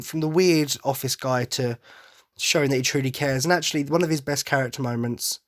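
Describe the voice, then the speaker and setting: A male podcast host talks his way through a casual monologue at a mid-range pitch. He rambles eagerly and keeps stumbling over his words to correct himself. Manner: rambling, self-correcting, enthusiastic.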